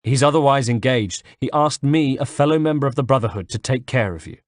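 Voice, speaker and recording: A man's voice: mid-range voice, brisk, no echo, clean studio sound, voice pushed up, close to an everyday voice. A man voicing a cunning, deceptive young swordsman in an audiobook, speaking urgently and persuasively. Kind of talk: audiobook character voice.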